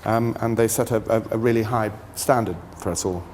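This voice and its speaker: A man's voice: lowish voice, steady tone, brisk, darkish tone, a little hiss or hum. An older man giving a university lecture as a film producer, telling stories with many fillers and restarts. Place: lecture hall.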